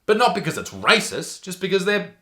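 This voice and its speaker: A man's voice: high voice, sing-song, brisk, sharp tone. A man, a comedian giving profane, sarcastic ranting commentary.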